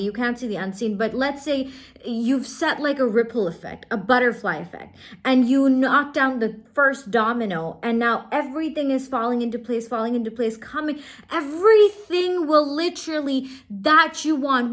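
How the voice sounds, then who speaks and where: Young woman coaching about manifesting, super chatty, says like a lot, kinda high pitched. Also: a bit bright. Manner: chatty, lots of "like" and "right?", acts out quotes. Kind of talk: casual motivational talk.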